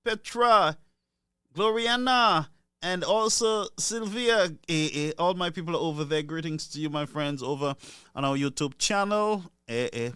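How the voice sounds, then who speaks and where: A man's voice: a little high, measured pace, pushed and bright, smooth, no room sound, studio quality. A man hosting a call-in radio show, joking and greeting listeners by name. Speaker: radio call-in host and pastor. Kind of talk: casual call-in radio chat.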